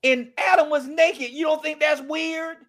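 A man speaking as a guest, telling a story in a lively, preacher-like way and acting out the quoted dialogue. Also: extremely high pitch, unhurried. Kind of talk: animated storytelling talk.

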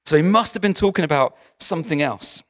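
Preaching briskly in a fairly high voice, this pastor keeps his sermon lively and conversational, with many asides directed at the congregation.

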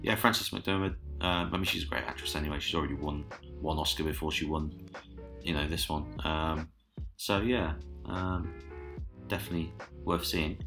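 Deep-voiced man chatting casually. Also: normal speed, over music. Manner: relaxed, hesitant with many ums. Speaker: podcast co-host. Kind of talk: casual chat.

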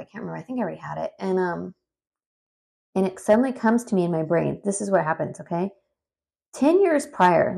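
With a low voice and noticeable vocal fry, a woman in her thirties recounts an experience of her own. The account is animated and meandering, heavy on fillers and digressions.

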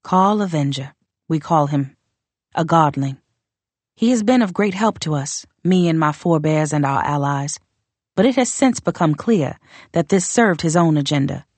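A woman's voice: low voice, animated, no echo. Woman reading as a proud, blunt warrior queen. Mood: cold, demanding. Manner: measured, formal, quietly contemptuous. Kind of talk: audiobook character reading.

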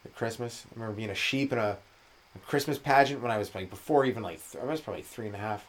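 A man's voice: fairly low pitch, racing. Rambling man, stand-up comic. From Canada. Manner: rambling, animated, jumps into loud voices for quoted people. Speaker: podcast host, stand-up comedian. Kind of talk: solo comedy podcast monologue.

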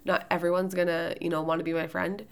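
A loud-voiced woman hosting a podcast, giving writing tips in casual, rambling solo talk with plenty of fillers and restarts. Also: fairly low pitch, flat delivery, fast.

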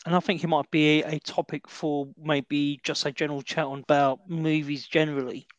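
Podcast cohost, bit higher voice, umms a lot, dry close mic. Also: male voice, little pitch movement, moderate pace, dry recording, highs cut off. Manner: hesitant, many fillers, teasing. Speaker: podcast co-host. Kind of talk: casual chat.

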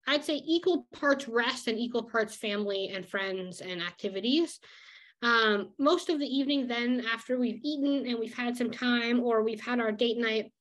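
A young woman vlogger chatting casually about her daily routine, full of "like" and easy laughs. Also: a little high. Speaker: illustrator vlogger. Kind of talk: casual vlog chat.

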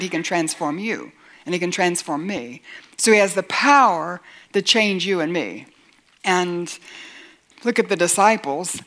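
A woman Bible teacher giving a sermon in an earnest voice, asking rhetorical questions and rising to emphatic points. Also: medium pitch.

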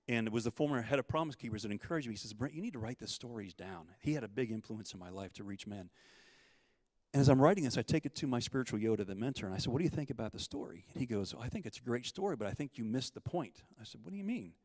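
A middle-aged man recounts a dramatic personal story as a faith testimony. His voice is mid-pitched and he acts out the quotes with energy. The sound is close and dry. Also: lively intonation, fast, no room sound. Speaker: guest storyteller.

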